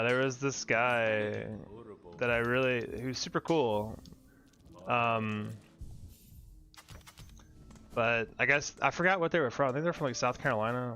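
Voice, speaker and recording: A man's voice: mid-range voice, creaky, bright, forceful tone. A young man streaming a game, chatting casually and rambling with lots of fillers, laughs and casual swearing. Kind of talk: casual gameplay commentary.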